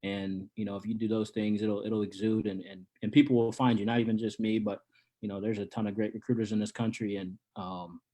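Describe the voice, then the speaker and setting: A man's voice: fairly low pitch, little pitch movement, brisk, warm tone. A man who coaches college wrestling, answering interview questions in a laid-back way, with lots of ums and restarts. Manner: laid-back, many ums and repeated starts.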